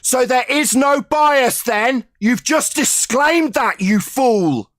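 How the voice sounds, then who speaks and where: A man's voice: extremely high pitch, animated, takes it slowly, fairly bright tone, dry recording, studio quality. A man in a heated online debate, taunting and insulting his opponent, repeating jeers.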